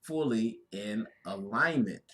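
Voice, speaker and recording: A man co-hosting a casual spiritual talk, speaking in an easygoing, drawn-out way with frequent affirmations. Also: fairly low pitch, expressive, fairly bright tone. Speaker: co-host.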